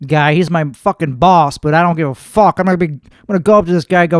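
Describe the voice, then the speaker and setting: High-voiced, foul-mouthed ranting man. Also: quick pace, clean tone, dry recording, clean studio sound. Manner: profane, boastful, aggrieved. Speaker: podcast host. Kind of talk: comedic rant.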